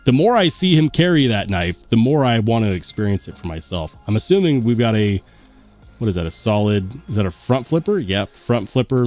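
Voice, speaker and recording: A man hosting a casual livestream, reading viewer comments aloud and chatting as he goes. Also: fairly low pitch. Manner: lively, chatty, muses aloud. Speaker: host.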